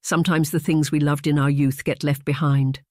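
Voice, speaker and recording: A gentle young governess in an audiobook, as the narrator puts her on, measured and soft-spoken. She picks every word carefully, and the recording is close and dry. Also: sits low, little pitch movement, no echo, close to an everyday voice. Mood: wistful. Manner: measured, soft-spoken, choosing words with care. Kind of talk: audiobook reading.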